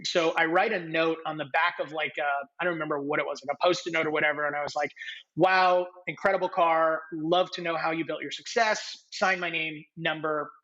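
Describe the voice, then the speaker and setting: A man in his late thirties, a podcast guest telling stories in a casual, animated way and acting out the people he quotes. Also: on the high side, lo-fi sound. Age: 30s. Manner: animated, acts out quoted dialogue. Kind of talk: casual interview storytelling.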